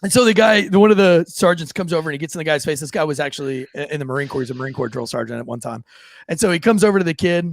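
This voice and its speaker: A man co-hosting a casual podcast, an animated storyteller who acts out the people in his stories. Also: on the high side, very fast, vocal fry. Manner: animated storyteller, acts out shouting drill sergeants. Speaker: podcast co-host, police officer.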